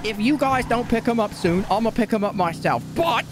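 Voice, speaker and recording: A man with a high, animated voice complains and haggles, cursing freely and sounding fed up. Loud car and street noise from the game sits under him. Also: a little fast. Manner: agitated, swearing, haggling. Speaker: streamer playing a street dealer character. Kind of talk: role-play phone calls.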